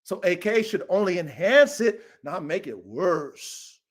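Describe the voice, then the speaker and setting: A man's voice: high-pitched, sing-song, a little slow. A man hosting a livestream podcast, talking bluntly and profanely, getting fired up and repeating himself. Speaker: podcast host and dog breeder. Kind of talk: casual livestream rant. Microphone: live stream mic.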